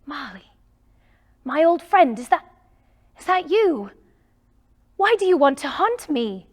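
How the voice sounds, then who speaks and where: A woman's voice: high voice, very animated, slow pace, pitched above the performer's own voice, exaggerated voice. A woman voicing a grumpy, miserly old man who grumbles and barks at everyone in a storybook read-aloud. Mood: frightened. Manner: loud, grumbling, barking outbursts.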